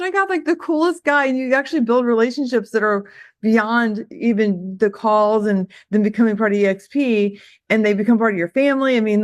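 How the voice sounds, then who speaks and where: A woman's voice: mid-range voice, no room sound, studio quality. An older woman who hosts a group call and gives a casual motivational talk, chatty and laughing at herself.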